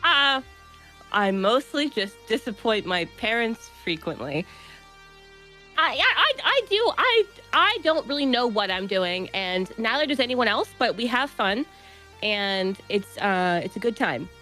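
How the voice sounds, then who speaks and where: A woman's voice: a little high, big pitch swings, a little slow, bright, forceful tone, faint music behind, low-quality recording. A woman chatting as a guest player, playful and giggly. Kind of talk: casual chat.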